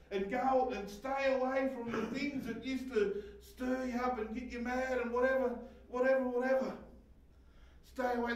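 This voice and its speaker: High-voiced man preaching in an echoey hall. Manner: emotional, swings from shouting to hushed, laughs often. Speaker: pastor. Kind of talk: sermon testimony. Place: church hall. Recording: echoey hall, voice heard from a distance.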